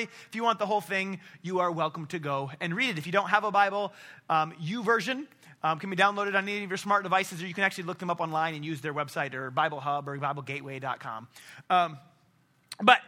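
A man with a high, bright voice and forceful tone preaches a casual sermon. He tells stories and acts out characters in quotes, often restarting his sentences.

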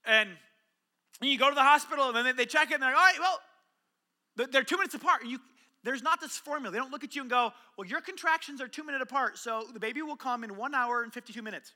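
Bright, high-voiced, animated preacher man. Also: quick pace. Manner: animated storytelling, acting out dialogue with sudden shouts and hushed lines. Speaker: pastor. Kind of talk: sermon.

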